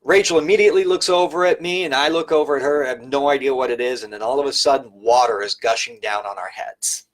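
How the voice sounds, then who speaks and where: A man's voice: mid-range voice, fast, few pauses. Conversational man telling work stories. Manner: storytelling, conversational, emphatic. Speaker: private service educator. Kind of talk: live-streamed talk with anecdotes.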